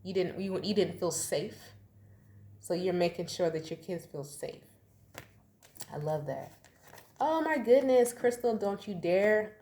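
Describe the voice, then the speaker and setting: A woman's voice: on the low side, animated, measured pace, long pauses, mellow. A woman in her thirties giving a casual tarot reading, chatty and slangy, laughing often. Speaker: tarot reader. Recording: echoey room, faint ambience.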